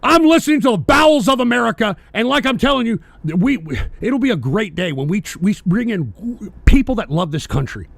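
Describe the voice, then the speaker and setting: A male radio host rants with fury, swearing freely and often breaking into shouts. His voice sits very high for a man and carries a gravelly rasp. The recording is dry and close, with no room echo. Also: big pitch swings, a little fast, few pauses. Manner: profane, ranting, often shouting. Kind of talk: angry political rant.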